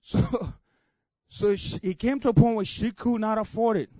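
A man from Africa preaches with a strikingly high voice and fervent, rising delivery. He builds repeated refrains into near shouts, then eases down to a quieter storytelling tone. The recording is dry and close. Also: fairly even intonation, measured pace, no echo. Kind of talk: sermon.

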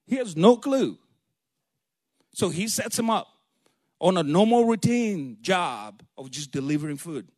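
Male preacher, conversational Bible talk, slightly high voice, dry room. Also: very animated, unhurried, pauses often, darkish tone, no room sound. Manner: conversational, retells scenes in casual slang voices. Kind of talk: informal Bible teaching.

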